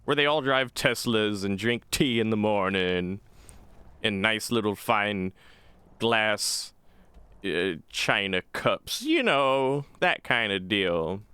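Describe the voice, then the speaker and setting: A man's voice: lowish voice, animated, slow pace, sharp tone, smooth, no room sound. A man giving rambling, casual, profane let's play commentary as a gaming channel host.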